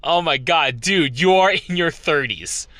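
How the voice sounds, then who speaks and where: A man giving casual, chatty gameplay commentary, animated and quick to laugh. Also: on the high side, no echo. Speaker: game video host.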